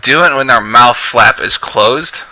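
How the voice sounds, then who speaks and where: A man's voice: mid-range voice, measured pace, vocal fry, sharp tone, dry recording, low-quality recording. A man casually thinking aloud on a live stream while he edits a video, rambling with many restarts. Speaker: video editor streaming his work.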